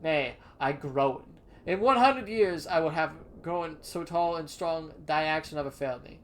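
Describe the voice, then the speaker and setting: A timid talking tree from a fantasy video game speaks in stiff, archaic phrasing and denies everything, read aloud by a streamer. The voice sits at a middling pitch and stays close to an everyday speaking voice. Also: unhurried, natural voice. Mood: resigned. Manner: archaic, formal speech with pleading denials. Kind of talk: reading game dialogue aloud.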